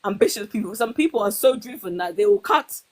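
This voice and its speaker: A young woman in casual conversation, telling her own stories in an animated way and acting out what other people said. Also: mid-range voice, fairly quick. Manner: animated storytelling, acts out quoted voices. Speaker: guest. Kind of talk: casual chat.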